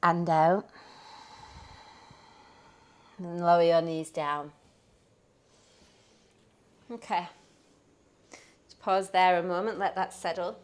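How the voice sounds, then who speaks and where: A woman teaching a yoga class, cueing poses and breaths in a calm, upbeat way. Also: fairly low pitch, takes it slowly, long pauses. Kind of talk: guided yoga class instruction.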